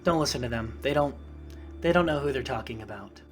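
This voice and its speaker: A game master voicing a kind young woman adventurer who speaks softly and reassuringly. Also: medium pitch, expressive, fairly quick, soft background music, close to an everyday voice.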